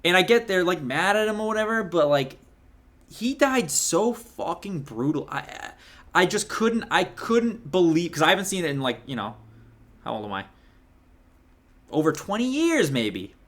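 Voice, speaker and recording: A man's voice: high-pitched, sing-song, normal speed, fairly bright tone. A man in his thirties giving a casual, rambling movie review rant, swearing a lot and restarting his sentences often. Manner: heated, profane, rambling with many restarts.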